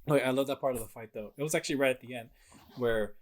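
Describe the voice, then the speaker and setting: A young man co-hosting a podcast, excitedly retelling a video game's plot in casual chat and swearing freely. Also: medium pitch, fast. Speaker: podcast co-host.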